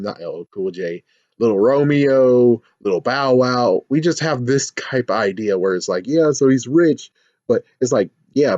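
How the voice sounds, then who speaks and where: A man giving a casual, animated review of a TV episode, jumping into squealing fan voices now and then. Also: mid-range voice, no echo, lo-fi sound. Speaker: YouTube show reviewer.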